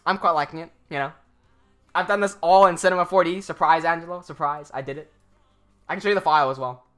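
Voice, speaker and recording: Soft music plays behind a man with a fairly high, bright voice talking fast on his animation livestream. He answers viewers' comments casually and rambles, with frequent laughs, many fillers, and restarts.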